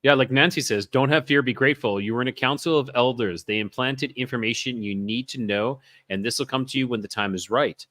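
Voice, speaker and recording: A man's voice: medium pitch, brisk, hardly any pauses, fairly bright tone, no room sound, studio quality. A man co-hosting a call-in show, talking casually and reassuringly while often repeating himself. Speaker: co-host. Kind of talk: casual talk show chat.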